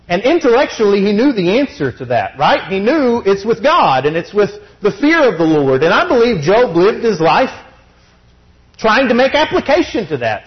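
A man preaching a sermon, expressive and teaching, often asking rhetorical questions. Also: sits high, lo-fi sound.

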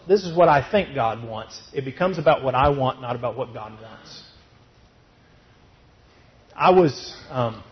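A man preaching a sermon, firing rhetorical questions and then answering them himself. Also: fairly high pitch. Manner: emphatic rhetorical questions, then calmer and gentle. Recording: dull lo-fi recording.

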